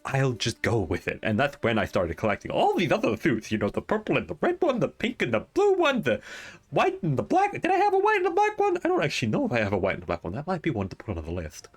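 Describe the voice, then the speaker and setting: A man voicing a flamboyant, excitable adult male shopkeeper who gushes with breathless excitement. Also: on the low side, quick pace, hardly any pauses, breathy edge, full character voice. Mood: boastful. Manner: gushing, squealing, breathless excitement.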